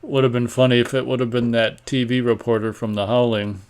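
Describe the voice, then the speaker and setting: A man hosting a live online show, chatting casually and reading viewer comments aloud in a rambling, offhand way, often clearing his throat. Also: mid-range voice, level tone, brisk. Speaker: host of a live online radio stream.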